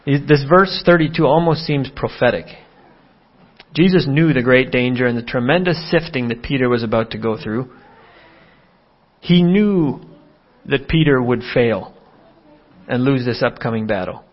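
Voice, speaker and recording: A man's voice: measured pace, long pauses. An earnest male preacher delivering a sermon, his voice sitting in an ordinary middle register. He leans into quoted lines, raising his voice to act them out. The recording is somewhat dull and lo-fi. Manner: earnest, acts out quoted dialogue with rising pitch.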